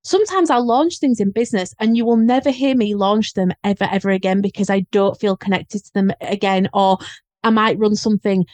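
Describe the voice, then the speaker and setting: A woman's voice: medium pitch, fairly quick, darkish tone, no echo. A woman with a Northern English accent, a guest business coach talking in an earnest, flowing, reflective way in a casual podcast chat.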